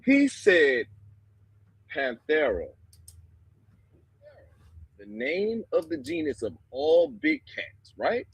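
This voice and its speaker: A man's voice: high-pitched, huge pitch swings, slow pace, gravelly, hardly any pauses, slightly rough, dry recording, rough recording. A man in a heated online debate, mocking his opponent while lecturing on animal classification.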